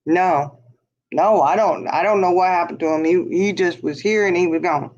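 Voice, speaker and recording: A woman's voice: lowish voice, normal speed, a little mellow. A woman telling a long story in casual chat, laughing often and saying "you know" a lot. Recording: dull lo-fi sound.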